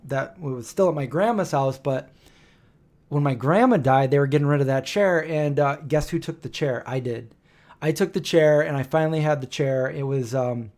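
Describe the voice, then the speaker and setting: Here a man in his forties, his voice a little high with a darkish tone, runs a live stream. He spins meandering family anecdotes and performs the dialogue as he quotes it.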